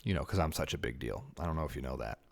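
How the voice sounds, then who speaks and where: A man's voice: a bass voice, expressive, racing, vocal fry. A man streaming a building game, chatting casually with viewers and muttering to himself in a self-mocking way. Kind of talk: casual livestream chat while building.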